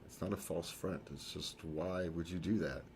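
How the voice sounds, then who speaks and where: A man's voice: deep voice, steady tone, moderate pace, a little mellow, slight background noise. A man co-hosting a casual talk show, rambling and correcting himself, chuckling often. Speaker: podcast co-host. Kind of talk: casual chat.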